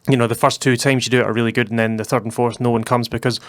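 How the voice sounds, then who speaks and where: A young Scottish man co-hosting a podcast in casual, rambling chat, quick to laugh. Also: medium pitch, fairly even intonation, fairly bright tone, dry recording. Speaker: podcast co-host.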